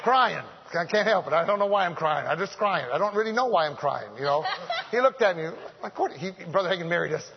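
A man's voice: sits high, lively intonation, fast talker, creaky, slight background noise. A man preaching a conversational sermon in a church, joking and repeating phrases as he calls out to the men. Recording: echoey hall, dull lo-fi sound.

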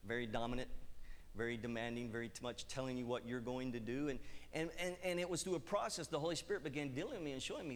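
A man's voice: a little high, quick pace. A middle-aged man preaching a sermon and telling his own story, acting out bits of dialogue. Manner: animated storytelling with acted-out dialogue. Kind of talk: sermon with personal testimony. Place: church hall. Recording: long hall reverb.

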